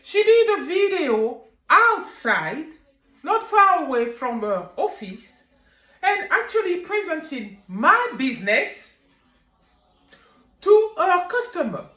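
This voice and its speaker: A woman who runs an online business, telling her own story in a vlog with animated, emphatic delivery. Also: extremely high pitch, slow pace, reverberant, poor audio.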